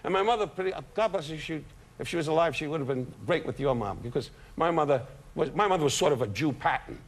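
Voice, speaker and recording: Brash older comedian firing off insults. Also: male voice, a little high, lively intonation, fast talker, gravelly. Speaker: guest comedian. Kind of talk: talk-show storytelling. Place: TV studio with live audience. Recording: noisy broadcast audio, audience laughter.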